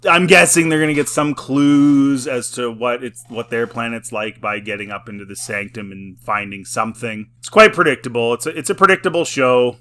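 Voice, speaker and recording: Bright-voiced man rambling a casual review. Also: mid-range voice, normal speed, few pauses. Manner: rambling, full of "like" fillers, chuckles often; mocking, sarcastic. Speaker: film and TV reviewer.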